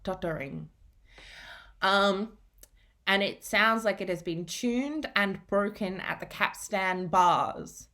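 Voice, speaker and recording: A woman's voice: mid-range voice, slow, pushed and bright. A woman teacher giving a recorded reading and grammar lesson, explaining patiently and going back over key points.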